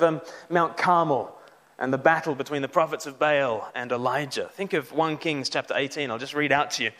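A man preaching a sermon, animated, with mocking asides. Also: mid-range voice.

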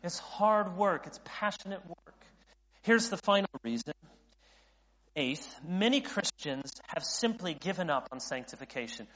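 Here the late-thirties pastor's voice runs on the high side with a fairly bright tone. He preaches with earnest, mounting intensity, frequently starting his sentences over, while the recording comes across dull in a reverberant hall.

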